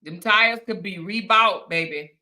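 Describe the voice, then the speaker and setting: A woman hosting a casual chat, reading viewer comments aloud and reacting in a lively, teasing way with frequent laughter. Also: medium pitch, measured pace. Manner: animated, teasing, laughs often, playful asides.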